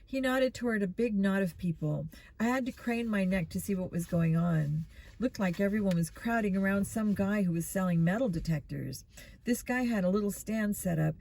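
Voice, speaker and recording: A woman reading a children's mystery novel aloud in steady, expressive first-person narration. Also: medium pitch, normal speed, vocal fry, slight background noise. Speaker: storybook reader.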